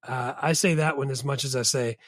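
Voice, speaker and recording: A man's voice: medium pitch, brisk, dry recording, studio quality. A man co-hosting a movie podcast, chatting casually and acting out quotes from the film. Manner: animated, quotes movie lines in silly voices. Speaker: podcast co-host.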